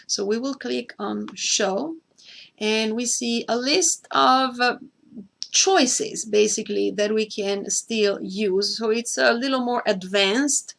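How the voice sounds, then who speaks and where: A woman's voice: fairly high pitch, slow pace, gravelly, a bit bright. A woman hosting a screen-share tutorial, explaining each step carefully, repeating key points and now and then speaking to a co-host by name.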